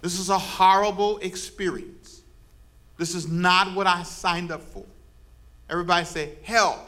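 A man's voice: sits high, fairly even intonation, normal speed, pushed and bright. A man preaching as pastor, leading his congregation in call and response and teasing them playfully. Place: church service before a congregation.

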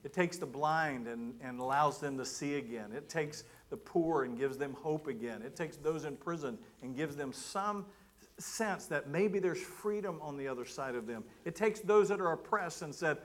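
A middle-aged man giving a sermon, telling a personal story in an animated way and acting out his own thoughts. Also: fairly high pitch, normal speed. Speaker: guest preacher.

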